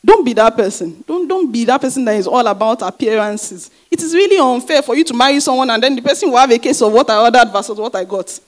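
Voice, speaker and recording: A woman pastor delivers a sermon in a fairly high voice. She drives her points home by repeating phrases and asking rhetorical questions, then answering them herself. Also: expressive, fast, few pauses.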